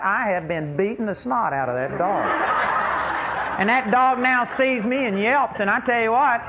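High-voiced emphatic preacher man, tinny recording. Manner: folksy, emphatic, laughing storyteller. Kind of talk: sermon with personal stories. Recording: tinny phone-like recording with faint hiss.

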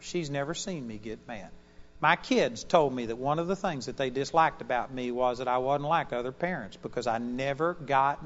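A man preaches to a congregation in an auditorium. His voice sits a little high, and he moves from forceful, loud proclamations to soft, mellow asides. The sound is muffled and lo-fi. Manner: emphatic, swings between loud declarations and quiet asides. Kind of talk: sermon.

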